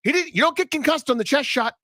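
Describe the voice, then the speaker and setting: Sports radio guy ranting, high bright voice, swings all over, dry studio sound. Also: fast, no room sound. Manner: ranting, animated, mock-dramatic. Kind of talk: heated sports talk.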